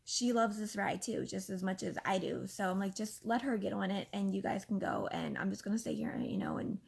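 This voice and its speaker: A woman in her thirties casually telling a story from her own life, animated and exasperated, with lots of fillers. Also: mid-range voice, a little fast, vocal fry, breathy edge. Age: 30s. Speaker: vlogger.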